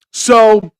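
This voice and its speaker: A man's voice: no echo, clean studio sound. A man telling crude, rambling stories on a podcast, often laughing at himself. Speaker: podcast co-host. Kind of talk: casual chat.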